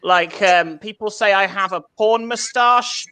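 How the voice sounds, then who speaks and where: Male stand-up comic, bright voice, self-mocking storytelling. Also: high-pitched, measured pace, clear, resonant tone. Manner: self-deprecating anecdotes with acted quotes. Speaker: stand-up comedian. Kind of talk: stand-up comedy.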